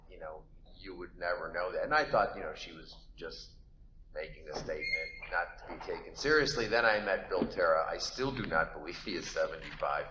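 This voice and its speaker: A man with a very deep yet bright, forceful voice introduces a guest at a conference, friendly and admiring. The room is echoey, with faint noise behind him. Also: dull audio. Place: lecture hall. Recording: echoey hall.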